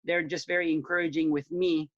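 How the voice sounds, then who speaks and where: A friendly man chats casually and laughs easily. His voice sits fairly high for a man. The sound is dull, lo-fi and dry, like a video call. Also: level tone, brisk, no echo. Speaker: community member, guest. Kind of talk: casual chat.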